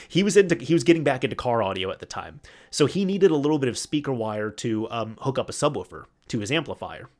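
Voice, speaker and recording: A man hosting a solo podcast, casually retelling an old workplace story, quoting coworkers in his own voice and laughing at the memory. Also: mid-range voice. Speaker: podcast host.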